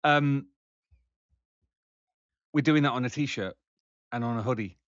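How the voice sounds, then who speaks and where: A man's voice: mid-range voice, a little slow, a bit bright, no echo, dull audio. A man co-hosting a casual podcast, rambling with lots of fillers and restarts. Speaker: podcast co-host.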